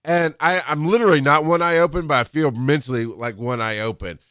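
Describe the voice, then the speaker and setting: A man who used to be a paramedic tells work stories in a casual, animated way, with laughs and acted-out quotes. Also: brisk, smooth, no room sound, clean studio sound. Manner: animated, acts out quotes with rising pitch and laughs. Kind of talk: casual storytelling monologue.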